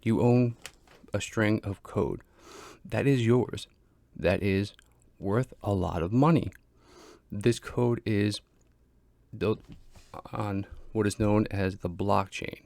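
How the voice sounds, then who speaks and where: A man's voice: lowish voice, slow pace, creaky, long pauses, darkish tone, dry recording. A man hosting a casual explainer monologue, speaking plainly, repeating himself and restarting often. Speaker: crypto explainer host.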